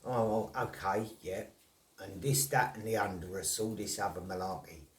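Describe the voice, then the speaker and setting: The recording is roomy, picked up from a distance, of a low-pitched man talking at a normal, steady pace. He's a snaring and trapping vlogger who rambles bluntly to the camera, cursing and laughing in disbelief.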